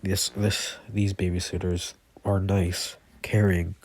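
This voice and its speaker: A man voicing an earnest, caring teenage boy hero in a soft, reassuring way. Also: low-pitched, flat delivery, takes it slowly, a little hiss or hum.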